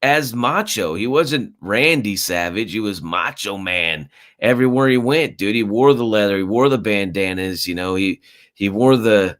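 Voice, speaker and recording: A man's voice: fairly low pitch, expressive, moderate pace, fairly bright tone. A man co-hosting a casual fight talk show, rambling with many fillers and a lot of swearing. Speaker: podcast co-host. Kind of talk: casual chat.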